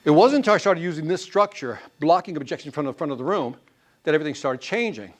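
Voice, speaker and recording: A man leading a live sales training class, quizzing the room with quick questions and answers. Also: a little high. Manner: animated, quizzing the class with call-and-response questions.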